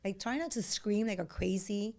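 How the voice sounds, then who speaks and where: A woman's voice: medium pitch, normal speed. A woman in her thirties from Latin America co-hosts a casual podcast chat. She tells stories animatedly, leaning on fillers and acting out quoted lines. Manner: animated storytelling, many fillers, acts out voices. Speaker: podcast co-host.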